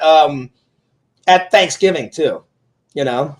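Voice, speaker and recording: A man's voice: sits high, expressive, normal speed. A talkative man interviewing a fellow streamer in casual chat, rambling through stories with many "like"s and "he goes"s.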